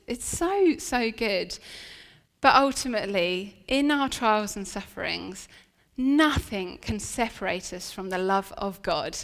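A woman's voice: on the high side, fairly bright tone. Woman preaching in a reverberant hall. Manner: earnest, chatty storytelling with restarts. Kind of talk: sermon. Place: church venue. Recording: long reverb of a church hall.

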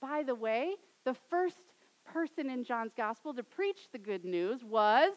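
A woman in her thirties preaching a sermon, swinging from loud, dramatic rises to soft, quiet endings. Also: on the high side, animated, a little slow, poor audio. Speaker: pastor.

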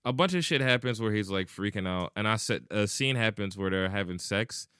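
Low, smooth-voiced man recapping movies wryly. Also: a little fast, dry recording. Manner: wry, deadpan movie recaps. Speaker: podcast co-host. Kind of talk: casual banter.

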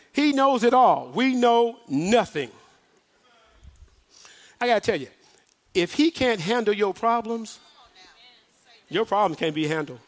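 Male preacher, very high voice, sermon built on slow, swelling rhetorical questions. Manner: preaching in rising repeated questions, slowing and shouting at peaks. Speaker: minister.

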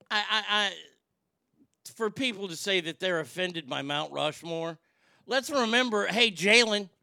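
A man's voice: high voice, vocal fry, dry recording. A man hosting a radio show, ranting angrily and swearing, feeling sick after being up all night. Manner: profane, ranting, shouting in outbursts. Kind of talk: angry talk radio rant. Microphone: broadcast board mic.

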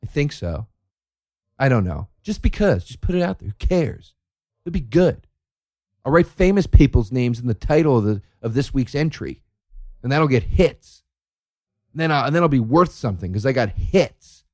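An aimless young blogger chasing clicks, as a comedian voices him, shrugging off every question in a vague, offhand way. The sound is dry and close-miked. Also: male voice, mid-range voice, very animated, normal speed, a little mellow, no echo.

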